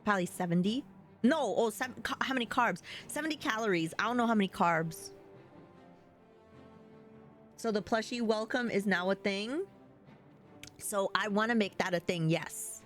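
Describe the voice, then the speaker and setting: A woman with a New York accent chats casually with her live-stream viewers, laughing often as she answers them. Her mid-range voice moves at normal speed with long pauses, and soft music plays in the background.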